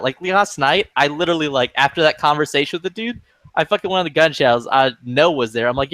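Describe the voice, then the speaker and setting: A man telling friends a long angry story in a profane, animated, fast-building rant. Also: on the high side, no room sound. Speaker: chat participant telling a story.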